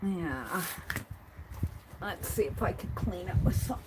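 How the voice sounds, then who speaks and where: A woman's voice: fairly low pitch, lively intonation, slow. A woman casually demonstrating a mixed-media art experiment, thinking aloud as she works at a craft table. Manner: thinks aloud while working, chatty and tentative. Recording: audible background noise with clicks.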